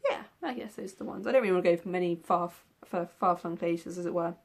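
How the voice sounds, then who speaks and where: A woman's voice: lowish voice, fast talker, gravelly. A young woman answers tag questions in a casual vlog. She rambles loosely, filling gaps with ums and the occasional yawn. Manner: rambling, with many ums and yawns. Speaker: book vlogger. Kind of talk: casual tag video chat.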